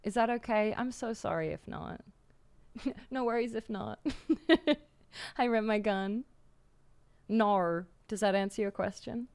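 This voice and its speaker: A woman's voice: medium pitch, slow pace, gravelly, pauses often, a little mellow, clear, resonant tone. A young Australian woman chatting casually on a live stream, giggling and reading out her chat.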